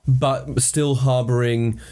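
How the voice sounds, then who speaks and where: Podcast guy, mid-pitched, keeps agreeing and wrapping up the ideas neatly. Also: little pitch movement, slow, mellow. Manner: agreeable, sums up and steers ideas. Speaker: podcast co-host. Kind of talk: casual story brainstorming chat.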